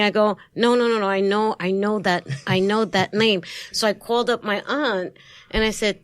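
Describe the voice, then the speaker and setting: A woman with a Brooklyn New York accent, a guest in a studio interview, telling stories in a lively way and acting out the voices of the people she quotes. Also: medium pitch, normal speed, no echo. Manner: lively storyteller who acts out quoted voices and laughs often. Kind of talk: casual interview storytelling.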